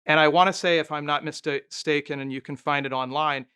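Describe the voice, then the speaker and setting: Man, former mayor, interview guest, candid anecdotes, smooth clear voice. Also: a little high, steady tone, quick pace, sharp tone. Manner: candid, anecdotal, thinking aloud. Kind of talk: storytelling conversational interview.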